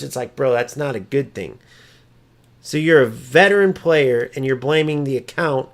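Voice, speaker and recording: Ranting male gaming streamer. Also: normal speed. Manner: ranting and mocking, swears freely; mimics opponents in a high sneering voice. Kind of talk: live gameplay commentary and chat.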